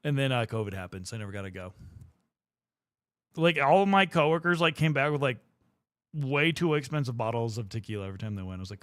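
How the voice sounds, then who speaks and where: A man's voice: medium pitch, expressive, quick pace, long pauses, clean tone, no echo, clean studio sound. A young man chatting casually on a livestream while painting miniatures, rambling and swearing freely as he talks to his viewers. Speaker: streamer.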